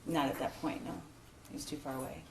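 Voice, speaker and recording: A low-pitched woman gives witness testimony in a courtroom, her account halting and full of restarts. The room is echoey, with faint background hiss. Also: fairly even intonation. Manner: halting, emotional, many restarts and fillers. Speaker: witness, school principal. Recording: roomy courtroom broadcast audio.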